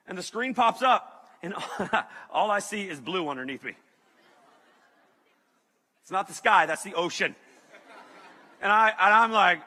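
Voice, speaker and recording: A man giving a comic, animated sermon story with sudden shouted bursts and laughter. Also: high voice, normal speed, pauses often, long reverb tail, some chatter behind. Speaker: youth speaker.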